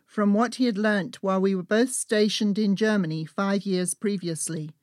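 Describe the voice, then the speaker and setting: A woman, reading her own travel memoir in a steady, measured storytelling manner. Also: mid-range voice, dry recording, clean studio sound. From England. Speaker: author and narrator.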